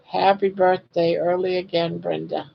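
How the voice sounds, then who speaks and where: Woman in her 60s, live-stream host, slow and chatty, teases her viewers, slightly dull lo-fi audio. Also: on the low side, flat delivery, vocal fry. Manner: chatty, reads viewer comments aloud and teases. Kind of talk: casual live-stream chat.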